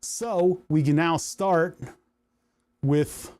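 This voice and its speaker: A man's voice: on the high side, steady tone, very slow, a little mellow. A man hosting a casual electronics livestream, rambling and thinking aloud, poking fun at himself as he works. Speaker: livestream host. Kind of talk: casual live coding chat. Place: home workshop.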